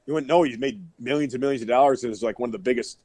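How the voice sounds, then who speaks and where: A middle-aged powerlifter guesting on a podcast, telling rowdy, profane stories and laughing often over a remote call that breaks up. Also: male voice, mid-range voice, wildly swooping pitch, very fast, creaky, dark tone, no room sound. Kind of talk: casual storytelling.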